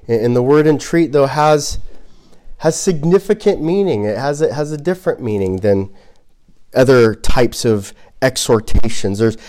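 Male pastor, conversational preaching, animated, acts out examples. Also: mid-range voice. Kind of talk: sermon.

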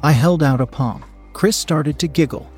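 A man reading a story aloud as narrator, in a steady, measured storytelling manner. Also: a little high, soft background music.

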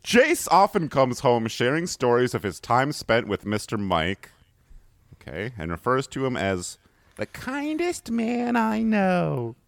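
A male podcast co-host reads a news story aloud, breaking in with wry, mock-serious jokes. His pitch leaps all over the place, though it sits at a middle height. The sound is close and dry. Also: no echo. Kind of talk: reading a news story aloud with joking asides.

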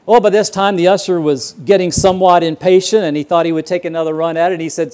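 A man's voice: fairly high pitch, a little fast, a little mellow, clean tone. Earnest man preaching a sermon. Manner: earnest storytelling, repeats words when starting a sentence. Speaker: pastor. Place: church auditorium.

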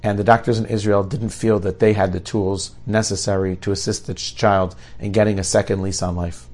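A middle-aged man telling a story in an animated, lively way. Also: fairly low pitch, fairly quick. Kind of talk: oral storytelling.

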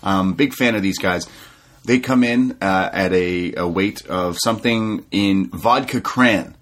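A man co-hosting a casual chat, talking as a relaxed and enthusiastic wrestling fan. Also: sits low, a little slow. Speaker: co-host.

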